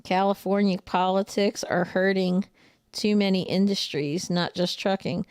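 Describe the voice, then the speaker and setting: A woman's voice: medium pitch, steady tone, unhurried, darkish tone, clean tone, dry recording, studio quality. A woman truck driver and trainer with a New Jersey accent, chatting casually with viewers on a livestream, blunt and outspoken, laughing often. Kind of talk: casual livestream chat reading viewer comments.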